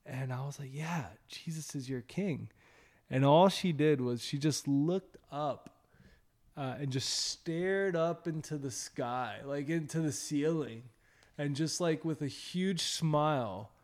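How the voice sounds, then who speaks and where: A man's voice: on the high side, slow, darkish tone. A man hosting a ministry show, telling an evangelism testimony in an earnest, rambling way with many fillers and restarts.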